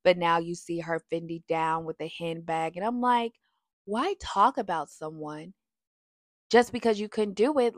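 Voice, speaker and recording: In a mid-range voice at normal speed, a woman recaps a reality TV show directly for her audience, casual and full of opinions. Chatty and sassy, she says y'all and bursts into sung lines with animated energy. There's no room sound, just studio quality.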